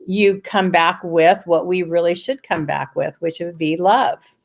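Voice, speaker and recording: Gravelly-voiced woman hosting a talk show. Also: lowish voice. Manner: earnest, thinks aloud in rushed bursts with restarts. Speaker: host. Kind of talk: reflective conversational interview.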